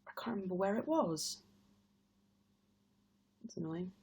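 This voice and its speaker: A woman's voice: medium pitch, animated, unhurried, darkish tone, slightly rough. A young woman with an English accent, chatting casually on a live stream and reading out viewers' comments, rambling with lots of fillers. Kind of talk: casual chat.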